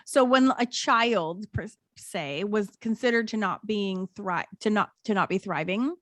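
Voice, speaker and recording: A woman's voice: mid-range voice, a bit bright, dry recording. A woman co-hosting a podcast, talking casually and sarcastically and giggling as she presents her research. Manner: giggly, sarcastic, quick asides.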